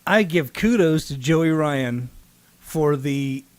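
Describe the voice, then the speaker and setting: Animated man telling stories on a podcast. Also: slow, no room sound. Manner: animated storyteller, mimics voices with big pitch jumps. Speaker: podcast co-host. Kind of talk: casual podcast chat.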